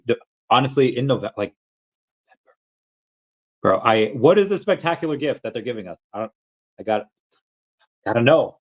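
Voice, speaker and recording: On a muffled recording, a man of medium pitch hosts a casual crypto livestream. He chats with viewers and reads their comments in a rambling manner with many fillers and restarts, sometimes erupting into shouted movie-quote impressions.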